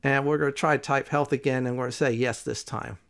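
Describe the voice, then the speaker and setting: A man's voice: mid-range voice, steady tone, brisk, vocal fry. A man hosting a casual let's play video, rambling through his gameplay commentary with frequent "uh" fillers.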